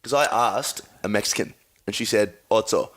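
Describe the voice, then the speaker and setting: A man's voice: fairly low pitch, normal speed, a bit bright. A man co-hosting a podcast in casual chat, teasing and joking, laughing often. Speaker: podcast co-host.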